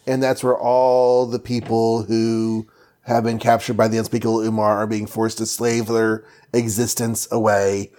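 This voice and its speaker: A man's voice: on the low side, monotone, a little mellow. Casual man retelling a comic with jokes. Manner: jokey, does quick silly voices for characters. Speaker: comic book podcast host.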